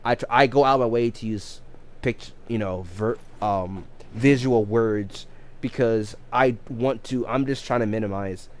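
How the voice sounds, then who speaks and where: A man's voice: medium pitch, a little slow. A man in his thirties chatting casually on a live game stream, rambling with many restarts and repeated words. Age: 30s.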